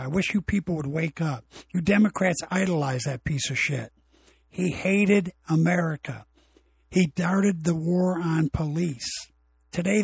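A man's voice: on the high side, vocal fry, darkish tone, slightly rough, no room sound. A man hosting his own podcast, talking in a rambling, blunt and opinionated way. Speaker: podcast host. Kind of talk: casual solo podcast monologue. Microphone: home recording equipment.

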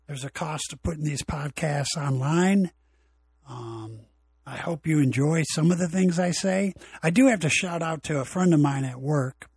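A man's voice: fairly high pitch, moderate pace, a little mellow, slightly rough, no room sound. A man hosting his own podcast, talking in a rambling, blunt and opinionated way. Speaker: podcast host. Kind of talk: casual solo podcast monologue. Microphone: home recording equipment.

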